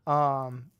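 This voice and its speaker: A clear, resonant mid-range voice, a bit bright, comes through on a lo-fi recording. The livestreamer rambles casually at home, leaning on fillers and teasing themselves, as faint music and keyboard typing play underneath.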